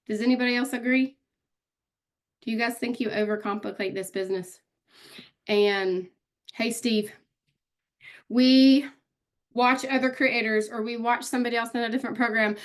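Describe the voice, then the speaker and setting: On a casual live social media training, a woman with a fairly high, slightly bright voice speaks straight to her viewers. She's chatty and calls people out by name.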